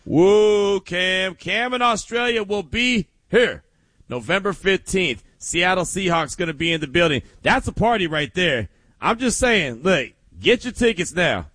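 A male sports talk radio host, hyped and full of energy, with lots of laughter in his talk. His voice is high, bright and swings widely in pitch. It is close-miked and dry in the studio. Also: very animated, unhurried, no echo.

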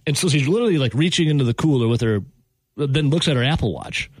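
A man's voice: medium pitch, fast talker, slightly rough, dry recording. A man hosting a radio show, telling a funny story in casual chat and laughing as he goes. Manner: animated, laughing anecdote teller.

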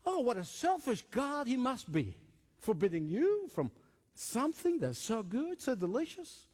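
A preacher voicing a sly wheedling serpent tempter. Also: male voice, very high-pitched, huge pitch swings, a little slow, darkish tone, full character voice. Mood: insinuating. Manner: mocking, insinuating.

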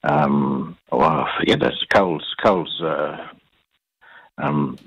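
An Australian man giving an interview, telling his stories in a halting way with many fillers and repeated words. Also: rumbling low, creaky, fairly bright tone, husky, lo-fi sound. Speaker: interview guest. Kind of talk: conversational storytelling.

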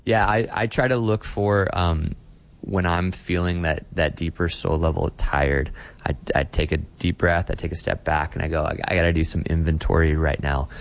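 Male pastor, deep low voice, earnest and conversational, stumbles and restarts. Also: fairly even intonation, normal speed, creaky. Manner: earnest, repeats words when starting sentences. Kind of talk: conversational interview.

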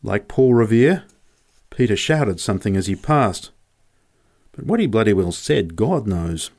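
Low-voiced man reading a story. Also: very animated, a little slow, darkish tone. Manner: vivid, descriptive reading. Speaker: narrator. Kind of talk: storybook narration.

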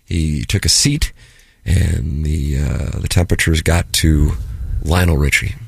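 A man's voice: extremely low pitch, fairly even intonation, measured pace, vocal fry, slightly rough, no echo, clean studio sound. A man hosting a talk radio show, reading listener texts aloud and teasing his co-hosts in casual banter.

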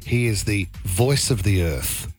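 Lively, upbeat male radio host. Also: on the low side, measured pace, soft background music. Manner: upbeat, playful. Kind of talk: casual radio chat.

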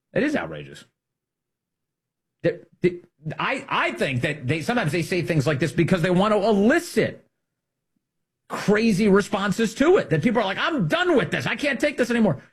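A middle-aged man with a high-pitched, husky voice delivers an emphatic, combative political commentary monologue at normal speed. Very animated, he swings between loud emphasis and hushed asides.

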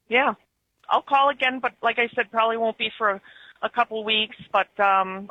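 A woman's voice: mid-range voice, no room sound. A talkative woman with an Upper Midwest accent rambles through a call-in chat. Her voice comes over a dry, muffled phone line. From Germany-born, raised in Wisconsin. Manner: chatty, rambling. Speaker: caller.

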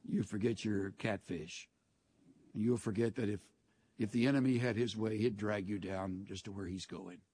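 A man delivers a sermon from the pulpit, his voice a little husky. He preaches with folksy storytelling and dry humor. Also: lowish voice, steady tone, moderate pace, a little mellow. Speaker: pastor.

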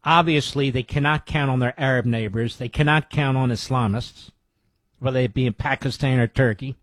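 A man's voice: medium pitch, moderate pace, dry recording. A man hosting a talk radio show, giving blunt political commentary in short declarative statements.

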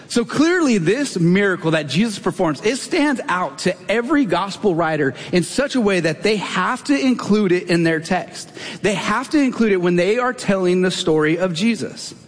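A man's voice: high voice, moderate pace. A man in his thirties preaching a sermon as a pastor, telling a personal story in a conversational, self-deprecating way. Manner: conversational, self-deprecating, animated when retelling. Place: church sanctuary. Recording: long reverb of a large hall.

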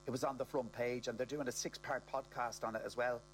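A man's voice: mid-range voice, fairly even intonation, brisk, a little hiss or hum, lightly acted. A man voicing a blunt middle-aged woman, matter-of-fact.

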